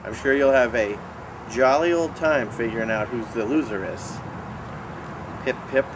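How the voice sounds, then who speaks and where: Guy bragging and scolding, dry deadpan comedy, cars going by outside. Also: mid-range voice, moderate pace, noisy background. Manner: boastful, exasperated, deadpan. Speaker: show regular talking with puppets. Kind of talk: comedic improvised banter.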